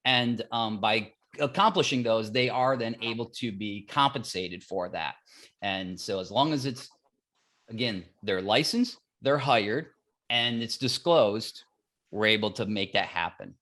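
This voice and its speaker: A man's voice: fairly low pitch, unhurried. Man telling stories as a podcast guest. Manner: animated storytelling, acts out dialogue; repeats phrases for emphasis. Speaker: mortgage platform guest. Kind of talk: podcast interview.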